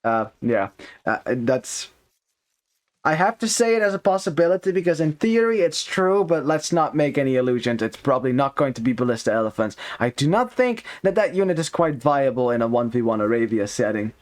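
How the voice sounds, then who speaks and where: A man casting a strategy game match live, talking in a chatty, upbeat way with many fillers and quick self-corrections. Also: mid-range voice, very animated. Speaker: esports caster.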